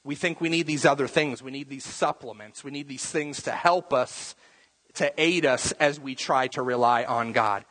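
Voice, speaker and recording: A man's voice: medium pitch, normal speed, fairly bright tone. A man preaching a conversational sermon, often repeating words as he goes and briefly acting out the voices of the people in his story. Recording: long reverb.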